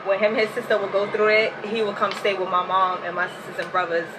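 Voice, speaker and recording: A Bronx woman with a New York accent leads a relaxed walking tour of her neighborhood, using easygoing street slang and musing on growing up there. Her mid-range voice moves little in pitch and her pace is quick. The outdoor city-street recording sounds echoey and distant, with loud traffic and street noise.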